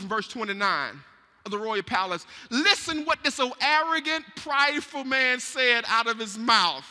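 A male pastor preaching an impassioned sermon, swinging from shouts to hushed asides and calling for amens, in an echoey church sanctuary. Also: very high-pitched, expressive, unhurried.

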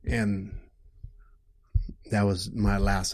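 A middle-aged man telling a painful personal story in an interview, halting and emotional, often restarting his sentences and growing loud when upset. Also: deep voice, steady tone.

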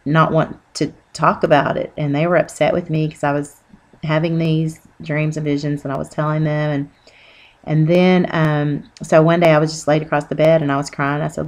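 Woman, low gravelly voice, earnest rambling testimony, lots of fillers. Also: a little mellow. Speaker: Christian testimony speaker. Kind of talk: personal testimony.

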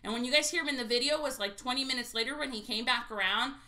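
A woman with a slightly high, bright, pushed voice talks fast while hosting a live stream where she scratches lottery tickets. She chats casually, reads out viewer names, and tells stories bluntly and saltily, swearing freely.

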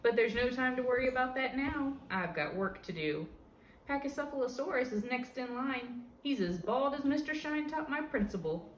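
A woman reading a picture book aloud to a child in a lively, expressive way, at home. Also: sits high, normal speed, slight background noise. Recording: roomy echo with faint ambience.

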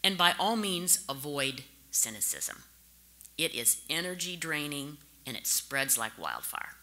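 A woman's voice: deep voice, sing-song, measured pace, sharp tone. An American woman in her fifties from St. Louis, giving a direct, anecdotal conference speech. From St. Louis, USA. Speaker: conference speaker.

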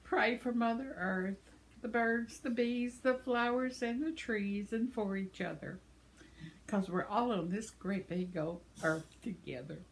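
A woman's voice: mid-range voice, unhurried, a little hiss or hum. A woman, chatting to camera about viewer comments, tender and close to tears. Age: 70s. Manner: tearful, tender, with soft laughs. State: teary, on the verge of crying. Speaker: vlogger reading viewer comments. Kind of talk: casual chat to camera.

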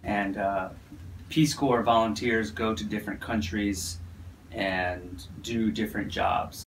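A man's voice: fairly low pitch, slow, slight background noise. A middle-aged man from the United States, a university English teacher, telling stories casually and acting out sounds and voices as he goes. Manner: animated, acts out sounds and voices in his stories. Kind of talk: casual storytelling.

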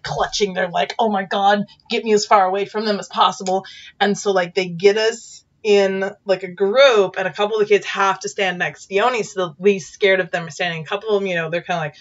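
A woman who teaches in Japan tells a story in casual chat, animated and full of fillers, acting out quotes with high squeals. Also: dull audio.

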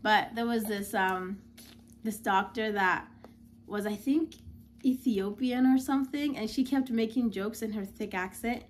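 A woman's voice: fairly high pitch, a little slow, slight background noise. Chatty young woman telling her story. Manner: chatty, many filler words. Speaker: new mother. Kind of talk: casual personal storytelling.

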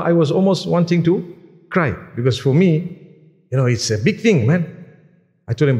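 A man's voice: mid-range voice, expressive, brisk, long pauses, darkish tone. A man preaching a sermon, earnest and exhorting, telling stories with quoted dialogue. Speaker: Islamic preacher. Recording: long hall reverb.

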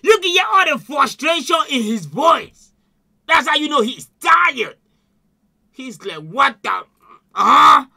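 A man hosting a music reaction video, talking loudly and excitedly in slangy, shouted commentary. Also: very high-pitched, measured pace, pauses often. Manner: loud, shouting, laughing, slangy. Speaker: YouTube music reaction host.

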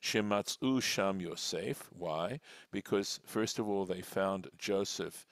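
A rabbi with a deep voice leads a slow, methodical text class, reading lines aloud and then patiently translating and explaining them. He speaks deliberately, with frequent fillers and restarts. The studio-quality recording has no echo.

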